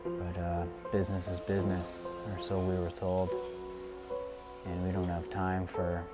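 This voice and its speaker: A man with a very deep, level voice, reflecting hesitantly in a documentary interview. He keeps a flat, steady delivery, and clear music plays underneath him. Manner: hesitant, halting, many fillers. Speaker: friend interviewee.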